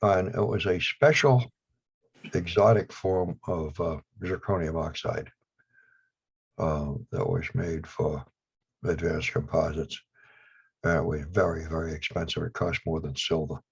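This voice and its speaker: A man's voice: low voice, unhurried, gravelly, pauses often, slightly rough. A man with a Down East Maine accent, a guest on a video call interview, talking in a rambling, blunt way with dry humor. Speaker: guest, lapidary equipment maker. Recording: dull lo-fi video call audio.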